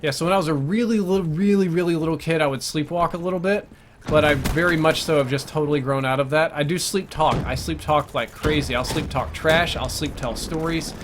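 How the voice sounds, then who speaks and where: Young male streamer, a bit high-pitched, loose and talkative, answers chat while he plays. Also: brisk, noisy background. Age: young adult. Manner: rambling, thinks aloud, answers viewer questions between plays. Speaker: game streamer. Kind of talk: live gameplay commentary chat.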